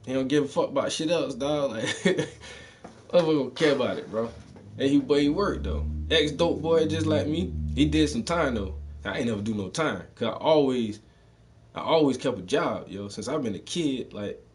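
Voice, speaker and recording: A man's voice: medium pitch, lively intonation, moderate pace. A man with a mixed Southern and Northern US accent, telling stories in loose, profane street slang and often laughing. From Southern United States. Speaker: podcast host telling stories. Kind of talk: casual storytelling.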